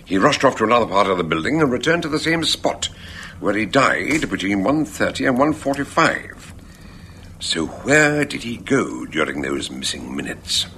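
An actor playing an eccentric, genial doctor-detective in a radio drama, theatrical and musing. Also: male voice, on the low side, sing-song, moderate pace, bright, forceful tone, slight background noise. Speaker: amateur detective.

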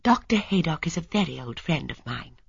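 A woman reading an audiobook and voicing an elderly woman sleuth who is gentle, prim and quietly stubborn. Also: sits low, big pitch swings, a little fast, vocal fry, slightly rough, dry recording, lo-fi sound, pitched above the performer's own voice, heavily acted. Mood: polite, firm. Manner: soft, polite and quietly insistent.

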